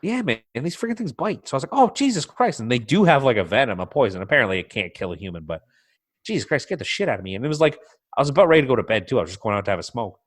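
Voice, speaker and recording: Male podcast co-host, casual storyteller, very lively pitch, swears freely, mid-range voice. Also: racing. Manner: animated storytelling, swearing, acting out his own alarm. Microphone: computer mic, remote call.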